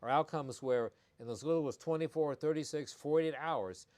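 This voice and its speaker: A man's voice: a little high, moderate pace, darkish tone. A man who is a veterinarian, hosting a live-streamed pet health talk in a folksy, conversational way and repeating his key points. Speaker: veterinarian host.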